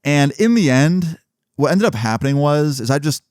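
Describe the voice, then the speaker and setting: A man's voice: on the high side, lively intonation, normal speed, a little mellow, no room sound, clean studio sound. A young man telling a long story casually, cursing freely and quoting the people involved. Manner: profane, rambling, retells dialogue in quotes.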